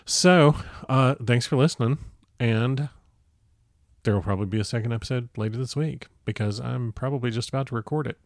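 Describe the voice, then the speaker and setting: A man hosting a podcast, reading a story aloud in an even, unhurried way. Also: medium pitch, dry recording, clean studio sound. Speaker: podcast host and narrator.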